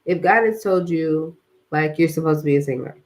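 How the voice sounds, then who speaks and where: In a low, slightly mellow voice and at a somewhat quick clip, a young woman runs a relaxed spiritual livestream. She's tired from working out and rambles, leaning on fillers and slang.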